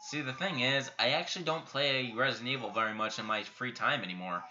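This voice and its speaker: A man's voice: mid-range voice, a little fast, sharp tone, lo-fi sound, a little hiss or hum. A young man hosting a live viewer Q&A, reading out questions and answering them offhand and bluntly in a casual chat. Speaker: YouTube channel host answering viewer questions.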